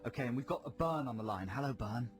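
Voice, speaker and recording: A male radio host presenting a comedy phone-in, talking calmly and playfully in a mock-hypnotist murmur. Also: mid-range voice, quick pace. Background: trance music.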